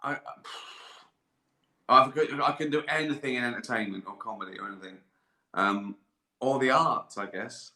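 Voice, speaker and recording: A man's voice: medium pitch, moderate pace, pauses often, sharp tone. An older man, chatting casually on a live stream, rambling, swearing and laughing often. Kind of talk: casual chat. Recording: echoey room.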